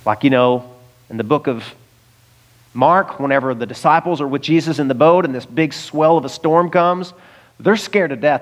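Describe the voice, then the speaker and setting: A man's voice: fairly high pitch, normal speed. A man from the United States preaching a sermon in a conversational way, with chuckles and direct asides to the listeners. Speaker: pastor.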